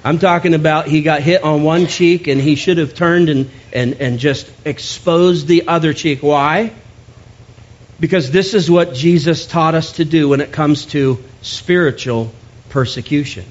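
Male pastor, slightly high voice, conversational sermon with quick jokes, dull lo-fi recording. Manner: conversational and joking, with quick asides.

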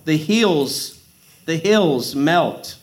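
Casual joking male pastor, higher voice. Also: animated, drawn-out words. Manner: conversational, joking asides between scripture readings. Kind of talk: sermon.

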